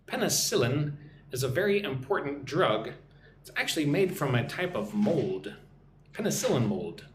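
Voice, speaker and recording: A man from Texas with an American accent, hosting a live-stream English lesson, chatty and repeating phrases slowly for learners. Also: medium pitch, very animated, roomy sound, slight background noise. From Texas, United States. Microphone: phone or computer mic for live stream.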